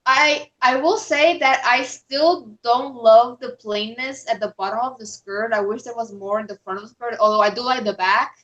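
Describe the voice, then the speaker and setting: A woman guest on a video call, her voice set a little high and coming through dull and lo-fi. She halts and restarts as she hunts for the right word, keeping things casual. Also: a bit bright. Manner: searching for words, halting restarts. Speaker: guest panelist. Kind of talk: casual live-stream chat.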